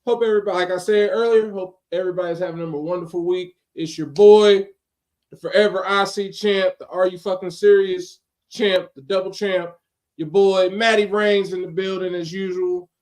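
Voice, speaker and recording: High-voiced man hosting a laid-back podcast. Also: moderate pace. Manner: animated, laughing, mimics voices in retellings. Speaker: podcast host. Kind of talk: casual wrestling podcast chat.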